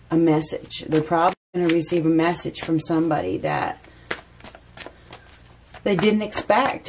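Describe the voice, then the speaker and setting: A woman's voice: on the low side, a little hiss or hum. A woman giving a casual spoken tarot reading, chatty and repeating phrases for emphasis. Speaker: tarot reader.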